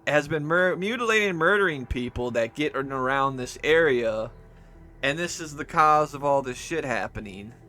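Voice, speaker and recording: A man's voice: a little high, animated, moderate pace, sharp tone. A man voicing a shaken, cursing male police officer in a tabletop game. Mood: alarmed.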